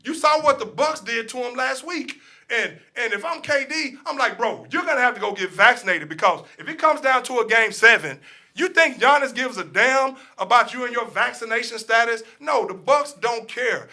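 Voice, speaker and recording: A man's voice: extremely high pitch, expressive, normal speed, sharp tone. A man co-hosting a sports talk show, ranting his opinions with profanity and repeating himself as he gets worked up. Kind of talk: heated casual sports talk.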